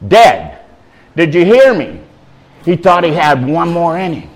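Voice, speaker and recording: A man's voice: a little high, animated, normal speed, rough recording. A middle-aged man preaching a street-style sermon, retelling scripture in slangy, emphatic language.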